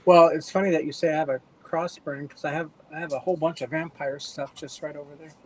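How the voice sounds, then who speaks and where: A woman's voice: low-pitched, steady tone, fast talker, a little mellow, rough recording. A woman joins a group video call from her home office. She tells her story plainly and matter-of-factly. A faint hiss sits behind her voice. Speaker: guest. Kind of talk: casual group video chat.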